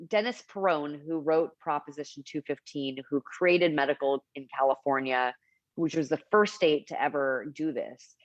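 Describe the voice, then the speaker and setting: Woman, middle-aged, storytelling guest, animated quotes, lower voice, dull dry sound. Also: no echo. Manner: animated, acts out quotes in anecdotes. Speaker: cannabis advocate guest. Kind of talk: storytelling interview chat.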